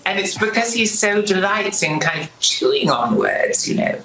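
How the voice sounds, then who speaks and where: A man's voice: sits high, very animated, moderate pace, echoey room, over a noisy crowd, poor audio. A British man talking as a TV guest, theatrical and savouring ornate words. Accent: British English. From Britain. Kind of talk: TV interview, remote link.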